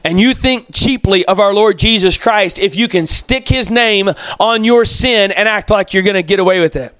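Emphatic high-voiced male preacher. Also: moderate pace, fairly bright tone, smooth, no room sound. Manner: emphatic preaching, repeats phrases for stress. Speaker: pastor. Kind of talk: sermon.

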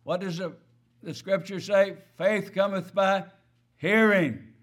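A man's voice: high-pitched, level tone, unhurried. A man preaching a sermon, stressing key words and asking his listeners rhetorical questions.

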